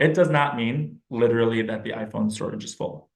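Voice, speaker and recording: A man's voice: medium pitch, fairly quick, gravelly. A man, a speech-language pathologist, giving an informal, explanatory presentation to parents and thinking aloud as he goes. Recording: roomy echo.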